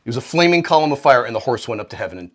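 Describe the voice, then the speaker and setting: A man co-hosting a comedy podcast, his pitch swinging widely as he spins irreverent, profane retellings. He keeps leaping into the voices of the people in his stories. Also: very fast. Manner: profane, animated, acts out quoted characters with big pitch jumps. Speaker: podcast co-host.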